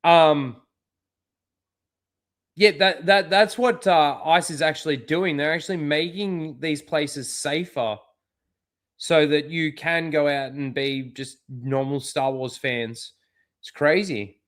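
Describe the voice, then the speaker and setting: A man's voice: fairly high pitch, fairly even intonation, slow pace, a bit bright. A man hosting a casual commentary show, scornful and heavy on swearing, often rising into angry rants. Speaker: commentary channel host.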